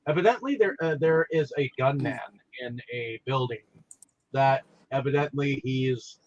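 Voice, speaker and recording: A man co-hosting a casual movie discussion podcast, talking in halting bursts with many restarts. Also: mid-range voice, lo-fi sound. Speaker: podcast co-host.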